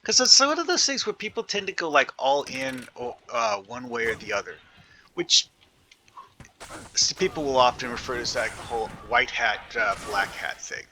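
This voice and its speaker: A man's voice: mid-range voice, very animated, normal speed, pushed and bright, a little hiss or hum. A man giving casual commentary while playing a video game, rambling and thinking aloud with many fillers and restarts. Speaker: gaming video creator.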